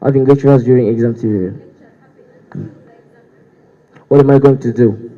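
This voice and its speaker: Young man, mellow dark voice, hesitant debate answers, echoing hall. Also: mid-range voice, steady tone, normal speed. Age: young adult. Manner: hesitant, many fillers and restarts. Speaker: student guild candidate. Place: university hall. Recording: dull echoey hall sound.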